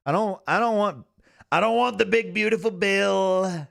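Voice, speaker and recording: A man putting on the voice of a boastful, brash older male politician, dragging his words out slowly. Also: high voice, creaky, fairly bright tone, pitched above the performer's own voice, full character voice. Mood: insistent. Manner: slow, drawn-out bragging delivery.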